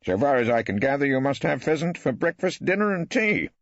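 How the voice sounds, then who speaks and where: An actor playing an elderly barrister in an audiobook, questioning with arch, ironic politeness. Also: male voice, mid-range voice, big pitch swings, a little fast, no room sound, voice pushed up. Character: wry elderly male barrister, mock-polite. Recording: dry, slightly dull studio.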